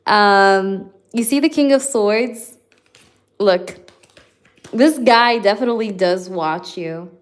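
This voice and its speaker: A young woman chats her way through a live tarot reading, talking straight to her viewers. She fills her speech with "like" and "you know" and speaks at an easy, mid-range pitch. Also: slow pace. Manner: chatty, filler-heavy, talks straight to viewers. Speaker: tarot reader.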